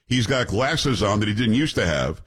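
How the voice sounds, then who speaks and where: A New York man hosts an opinion show, his lowish voice a bit bright and slightly rough, swinging widely in pitch at a moderate pace. He describes clips with blunt, scornful commentary and plenty of rhetorical asides.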